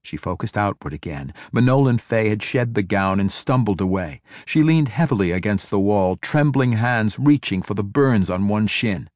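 Man, audiobook narrator, measured fantasy storytelling, lowish voice, dry recording. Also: expressive, a little mellow, no room sound.

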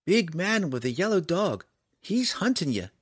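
A man voicing a young village girl, kind and loyal, with a raised, girlish pitch in an audiobook. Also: very animated, moderate pace, breathy edge, dry recording, studio quality, heavily acted. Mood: worried. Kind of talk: audiobook character voice.

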